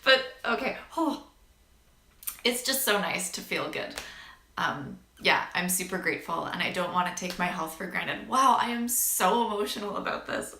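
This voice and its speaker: A woman in her twenties shares her health story in a casual video, her lowish voice bright and forceful at a moderate pace, with a little hiss or hum. The room echoes, and she chats candidly, leaning on "like," growing emotional and laughing.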